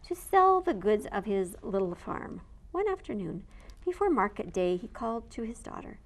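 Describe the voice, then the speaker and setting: Expressive woman reading a storybook aloud. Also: mid-range voice, normal speed. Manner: expressive, animated read-aloud. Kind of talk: reading a picture book aloud.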